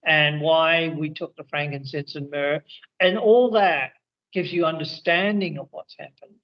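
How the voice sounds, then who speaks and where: A man chats over a video call in the evening, his fairly high voice coming through dull and muffled. He rambles, restarting sentences and trailing into fillers as he shares his experiences. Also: steady tone, unhurried. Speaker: spiritual teacher and regression therapist. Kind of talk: casual video call conversation. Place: indoors in India, evening.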